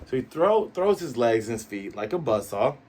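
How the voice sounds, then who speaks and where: Man, casual comic recapper, husky, swoops around with sound effects. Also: medium pitch, moderate pace. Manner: animated, full of sound effects. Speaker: manga reviewer.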